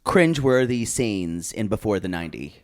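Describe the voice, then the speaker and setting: Lively joking man on a podcast. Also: lowish voice. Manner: lively, joking, quick asides. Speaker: podcast co-host. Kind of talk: casual recap chat.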